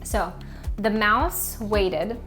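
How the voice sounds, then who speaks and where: A woman in a middle pitch talks through a children's book like a teacher, loose and chatty, peppering her speech with "um" and "like". Faint music plays softly underneath her. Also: drawn-out words. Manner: chatty, many fillers like "um" and "like". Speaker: reading teacher. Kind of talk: casual explanation of a picture book.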